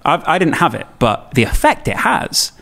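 A young man chatting on a podcast, telling a story with lively acted-out quotes. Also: on the high side, moderate pace, creaky. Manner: animated storyteller, acts out quotes. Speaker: podcast guest. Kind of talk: casual chat.

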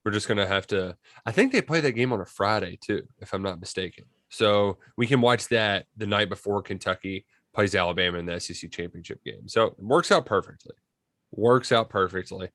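A man co-hosting a casual college football podcast, talking in animated, excitable bursts. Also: lowish voice, fairly quick, dry recording, clean studio sound. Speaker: podcast co-host. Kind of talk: casual sports chat.

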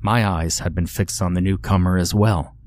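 A man narrating a horror story in a measured, grim storytelling manner. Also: sits low, fairly even intonation, darkish tone, no room sound.

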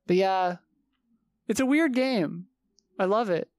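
Woman guest, casual chat, animated and laughing, mid-pitched, dry close sound. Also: no room sound. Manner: animated, laughs often, quick asides.

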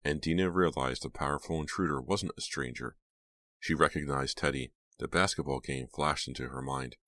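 A man reading an audiobook aloud in a steady, measured way. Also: very deep voice, no room sound. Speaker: audiobook narrator. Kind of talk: scripted audiobook narration.

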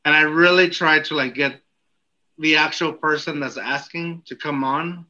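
A man's voice: on the high side, fairly even intonation, moderate pace, pushed and bright. A man hosting a podcast, joking and cutting in to steer the conversation. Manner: jokey, interrupts to steer the talk. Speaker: podcast host. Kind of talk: casual chat. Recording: dull lo-fi sound.

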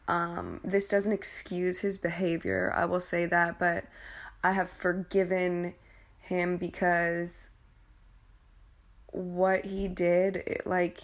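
A young woman telling a painful personal story in a candid, emotional way, swearing freely and often halting and restarting. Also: lowish voice, little pitch movement.

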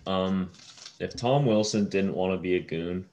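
A man's voice: deep voice, a little slow, a little mellow, highs cut off, slight background noise. A man co-hosting a casual hockey podcast, laying out standings and points steadily. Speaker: podcast co-host.

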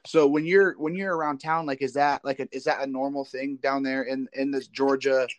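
A podcast host from the Midwest asks winding questions, doubling back on his words as he goes. His voice sits at an average pitch. The sound is dry and close. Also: little pitch movement, moderate pace, no echo, lo-fi sound. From American Midwest. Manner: rambling, repeats words while asking questions. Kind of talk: casual interview questions.

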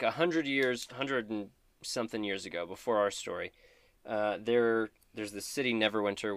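A man's voice: lowish voice, fairly bright tone, clean tone, no room sound. A man casually introducing his tabletop game character, rambling a little with fillers as he explains. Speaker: player.

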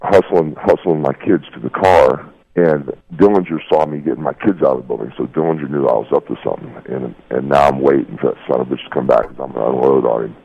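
A man's voice: rumbling low, fast, vocal fry, few pauses, husky. A middle-aged man telling a heated, profane story over the phone and calling people "brother". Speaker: guest. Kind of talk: casual phone interview. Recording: lo-fi phone line.

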